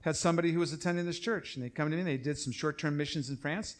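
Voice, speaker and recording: A middle-aged man preaching a sermon as pastor, emphatic and repetitive, slowing down to stress his points. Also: on the high side.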